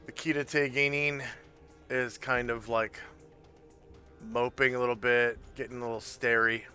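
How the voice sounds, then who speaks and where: A man running a tabletop game as game master, narrating in a relaxed, halting way. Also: mid-range voice, faint music behind.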